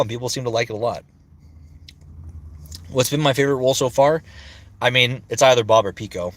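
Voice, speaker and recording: A man's voice: medium pitch, fast, fairly bright tone, no echo. A man in his thirties, a voice actor chatting casually on a livestream, rambling and swearing freely. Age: 30s. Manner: rambling, searching for words.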